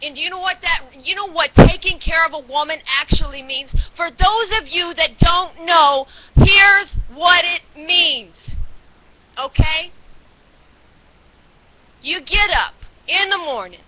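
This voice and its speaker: High, fiery woman ranting on webcam. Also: slow. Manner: fiery, scolding, profane, rising to shouts. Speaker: webcam ranter. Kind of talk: angry webcam rant. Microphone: built-in webcam mic. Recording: dull lo-fi webcam audio with faint noise.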